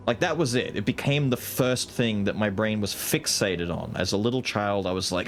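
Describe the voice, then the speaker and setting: A man's voice: fairly low pitch, lively intonation, moderate pace, soft background music. A man in his thirties streaming a video game, chatting casually and swearing freely. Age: 30s. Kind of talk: casual gaming commentary.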